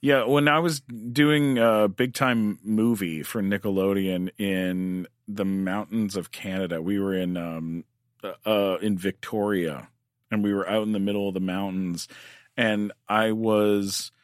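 A man with a somewhat low voice tells a long personal story in casual conversation. He stumbles and restarts often as he rambles along. The recording is dry and close, with no room sound. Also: unhurried, smooth, no room sound. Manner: rambling, animated anecdote-telling with many restarts. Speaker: actor.

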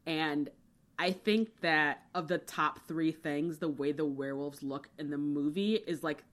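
Female podcast co-host, lively and quick to laugh, exasperated rants. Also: deep voice. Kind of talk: casual book discussion podcast.

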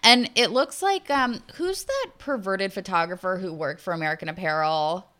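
A woman's voice: mid-range voice, normal speed, fairly bright tone. A woman co-hosting a podcast, chatting casually and sarcastically, full of "like" fillers. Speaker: podcast co-host. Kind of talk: casual chat. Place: Los Angeles.

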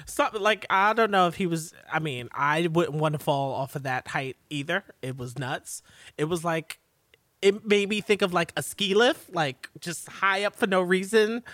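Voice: mid-range voice, normal speed, no room sound. Hesitant, laughing podcast co-host. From New York City. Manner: relaxed, hesitant, laughs often. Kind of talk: casual recap chat.

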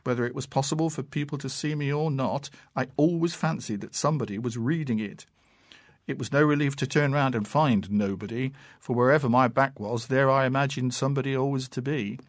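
Measured male reader of classic fiction. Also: medium pitch, no echo, clean studio sound. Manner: measured, unhurried, expressive. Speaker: narrator. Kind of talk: dramatic reading of classic fiction.

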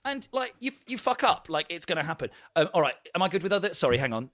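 A man chatting casually as a podcast guest, animated and self-mocking with quick asides. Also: high-pitched. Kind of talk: casual chat.

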